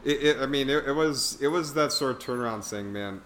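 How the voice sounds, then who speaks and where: A man's voice: medium pitch, brisk, few pauses, a bit bright. A man casually reviewing a bad film on a podcast, rambling with lots of fillers and laughs. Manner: rambling, filler-heavy, laughs at own jokes. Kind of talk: casual chat.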